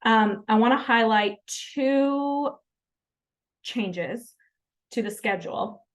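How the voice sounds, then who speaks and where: A woman's voice: a little high, slow, dull audio. A woman leading an online training session, upbeat and chatty, with frequent fillers. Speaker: session facilitator.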